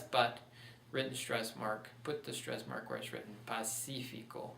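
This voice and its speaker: In this recorded online lesson, a man patiently walks through Spanish pronunciation examples one step at a time. He has a mid-range, fairly bright voice. The room echoes, and he's recorded off-mic from a distance.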